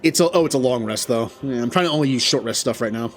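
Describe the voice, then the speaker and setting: Excitable man commentating gameplay. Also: mid-range voice, quick pace, soft background music. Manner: excitable, yelps loudly at setbacks; talks to the game characters. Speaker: gaming channel host.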